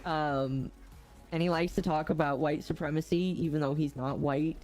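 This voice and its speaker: A woman's voice: low-pitched, fairly even intonation, moderate pace, darkish tone, soft background music. A woman hosting a game livestream, chatty and giggly, often exclaiming as she talks. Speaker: streamer host. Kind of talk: casual livestream chat.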